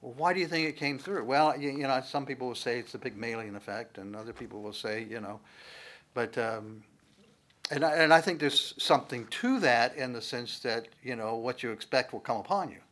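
A man preaching from the Bible, his voice at an ordinary middle pitch for a man. He talks to the congregation in a loose, conversational way, then pushes certain words out with a louder, emphatic lift. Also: brisk. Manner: conversational teaching, rising to emphatic loud stresses. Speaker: pastor. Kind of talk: sermon, Bible teaching.

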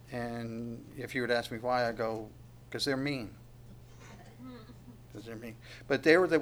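A man preaching a sermon in a plain, conversational voice of ordinary pitch. He puts questions to the congregation and sometimes sinks to a near whisper. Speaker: pastor.

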